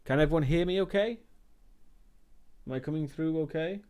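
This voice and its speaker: A man's voice: a little high, moderate pace, darkish tone, clean tone. A man streaming live and chatting casually as he answers viewer questions, rambling and hesitant, with many ums and restarts.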